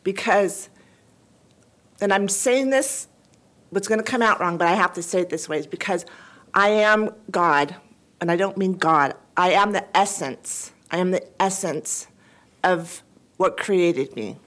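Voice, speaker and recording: A woman calling in to a radio show, crying as she talks in a halting, emotional way with many restarts. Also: fairly low pitch, fairly bright tone. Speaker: caller. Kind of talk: call-in conversation.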